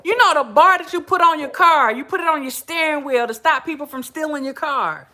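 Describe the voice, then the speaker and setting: A middle-aged woman chats through old stories and keeps calling out to her listeners. Her voice sits a little high and rings bright. She laughs easily as she talks. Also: fairly quick. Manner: chatty, laughing, addresses listeners as y'all. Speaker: podcast host. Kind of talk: casual storytelling to viewers.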